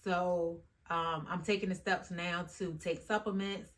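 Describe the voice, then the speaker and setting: A woman with a fairly low speaking voice chats straight to her camera as a vlogger. She is animated and informal, and she keeps turning to her viewers as "y'all" and "guys". Her tone is loose and conversational. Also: unhurried. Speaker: YouTube vlogger. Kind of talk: casual talk to camera.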